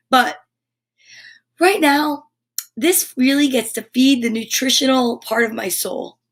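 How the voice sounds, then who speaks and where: A woman hosting a live storytime stream, chatting in a bubbly, animated way straight to her viewers. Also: high voice. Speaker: host of a live storytime show.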